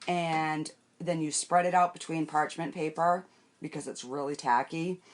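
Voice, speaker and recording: An older woman with a low, deep-set voice talks casually on a makeup live stream. She rambles about her day and greets viewers by name as they join. She keeps talking while she wipes her face and works on her makeup. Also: fairly even intonation, unhurried. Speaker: makeup vlogger.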